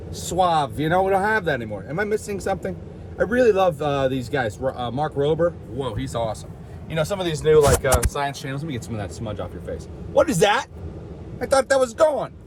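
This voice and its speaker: A man rambling to the camera in a loose, jokey vlog, poking fun at himself and drifting from topic to topic. His voice sits a little high for a man, with faint traffic and outdoor hum behind him. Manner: jokey, rambling, self-mocking, over the top. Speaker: vlogger.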